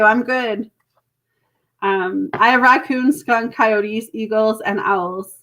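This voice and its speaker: Canadian woman, tarot reader, bright voice, slightly high, chatty live-stream reading. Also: steady tone, takes it slowly. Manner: chatty, reassuring, laughs often.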